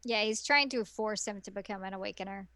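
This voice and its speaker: A woman co-hosting a podcast, chiming in with quick, interjecting banter in a casual chat. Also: mid-range voice, bright, forceful tone, no room sound, clean studio sound. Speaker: podcast co-host.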